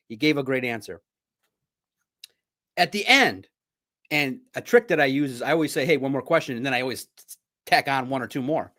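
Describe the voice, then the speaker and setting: Animated, boastful male podcast host. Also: on the high side. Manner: boastful, repetitive, trash-talking. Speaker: sports podcast host and reporter. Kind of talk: casual podcast monologue.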